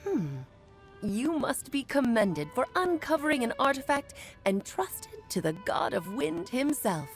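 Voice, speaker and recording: Here is a grand female mage from a video game, with a showy, teasing storyteller's flair. Her voice sits a touch high and moves in lively swoops. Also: unhurried, soft background music, exaggerated voice.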